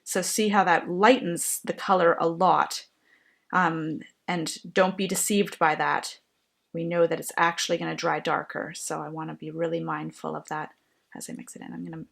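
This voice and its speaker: A woman explaining a painting technique while she works, in a gentle, thoughtful way. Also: on the low side, vocal fry. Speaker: painting instructor. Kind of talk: painting tutorial narration.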